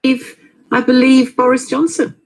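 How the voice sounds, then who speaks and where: A woman's voice: high voice, level tone, unhurried, gravelly. A woman hosting a radio phone-in who probes and pushes back on a caller.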